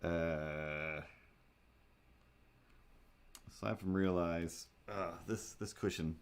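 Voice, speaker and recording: A young man with a low, steady voice chats very slowly while setting up a drawing livestream, with a little hiss or hum audible. His talk is casual, rambling, jokey and self-deprecating.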